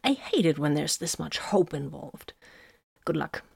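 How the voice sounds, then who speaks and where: A woman's voice: low voice, animated, unhurried, creaky, a little mellow, slightly rough, no room sound, exaggerated voice. A woman voicing a fretful officer man.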